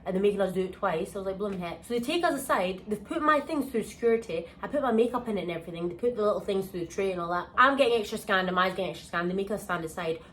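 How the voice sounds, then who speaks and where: A young woman from the UK, telling a holiday story in a casual vlog, animated and exclamatory with plenty of slang. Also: medium pitch, rapid-fire, hardly any pauses, poor audio. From United Kingdom. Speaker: vlogger. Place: holiday villa.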